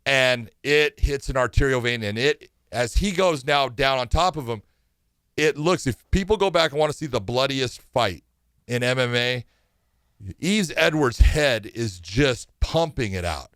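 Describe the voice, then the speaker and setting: A man's voice: mid-range voice, measured pace, clear, resonant tone, no room sound. A man co-hosting a chat show, telling a story and acting out the dialogue as he goes. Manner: animated storyteller, acts out quoted dialogue. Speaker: co-host, former referee.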